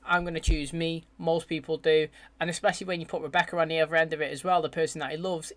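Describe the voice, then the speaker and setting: A young man with an English accent, chatting casually as he reacts to a TV episode, saying "mate" often. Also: on the high side. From England. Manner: chatty, animated, says "mate" a lot. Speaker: TV reaction host.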